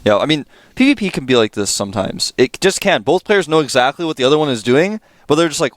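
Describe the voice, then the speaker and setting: Excitable male esports caster, dry studio. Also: fairly high pitch, quick pace, no room sound. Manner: excitable, rambling, jokey. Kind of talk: live game commentary. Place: broadcast studio.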